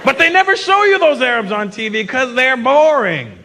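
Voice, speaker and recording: A stand-up comedian in his fifties works a large theater with an animated, mocking delivery, his voice pitched high and swinging all over. He performs into a handheld mic. The live recording carries a laughing audience and a steady hum of noise. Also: normal speed. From Canada. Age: 50s. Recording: live show with crowd noise.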